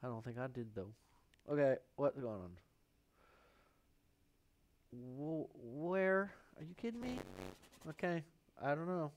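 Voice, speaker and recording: Playful slow-talking male painter. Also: on the high side, animated. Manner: playful, muttering to himself, drifts into whispers. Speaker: painter hosting a live painting stream. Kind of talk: live painting demonstration chat. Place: painting studio. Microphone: lavalier microphone.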